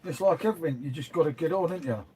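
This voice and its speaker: Middle-aged bloke, casual stream host, chatty and rambling, keeps saying mate. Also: male voice, on the high side, rapid-fire, mellow, a little hiss or hum. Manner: chatty, rambling, says "mate" a lot, reads and answers viewers. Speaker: livestream host. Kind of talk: casual live-stream chat. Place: dim room at home.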